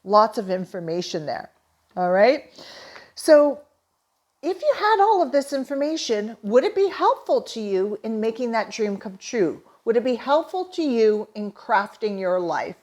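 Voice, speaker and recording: A woman's voice: on the high side, big pitch swings, a little slow, darkish tone. A middle-aged woman from Canada, a holistic therapist, telling a personal story with earnest, emotional enthusiasm. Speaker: holistic therapist and manifesting coach.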